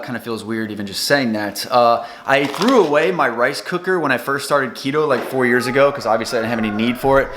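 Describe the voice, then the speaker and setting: A man in his thirties, a fitness coach, talking casually to camera with relaxed fillers. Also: mid-range voice. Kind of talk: casual vlog chat.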